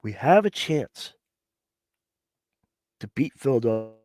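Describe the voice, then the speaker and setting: His voice mid-range, a man takes it slowly while hosting a casual sports stream despite being sick with a cough. He rants animatedly, mocks and mimics players in a voice that jumps up and down, and the audio is close and dry with no echo.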